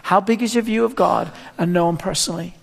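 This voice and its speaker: A man's voice: high voice, fast talker, vocal fry, breathy edge. A man in his fifties preaching a sermon in a church hall, chatty and self-deprecating, often stumbling and repeating words. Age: 50s. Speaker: pastor. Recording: long hall reverb.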